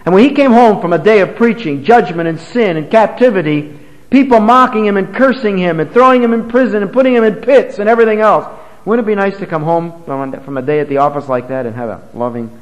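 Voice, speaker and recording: A man preaching a sermon, swinging from loud, high emphasis to low, quiet lines, and reading scripture aloud in old-fashioned English. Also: fairly quick, in a large hall, lo-fi sound. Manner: emphatic, rises and drops sharply in pitch and volume.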